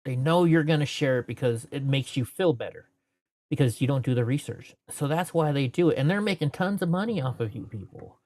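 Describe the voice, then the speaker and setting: A man's voice: medium pitch, animated, brisk, a little mellow. A man as an interview guest, telling stories from his life in a rambling, casual way, filling his talk with "you know".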